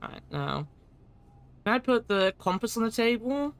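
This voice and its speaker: A woman's voice: fairly high pitch, big pitch swings, normal speed. A woman streamer giving casual, jokey commentary on a game, blunt and swearing freely.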